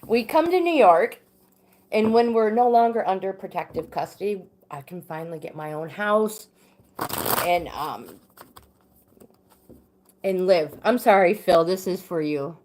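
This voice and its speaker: A middle-aged woman hosting a livestream, telling a personal story in a casual, halting way with frequent fillers and restarts. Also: lowish voice, darkish tone, slight background noise. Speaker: livestream host.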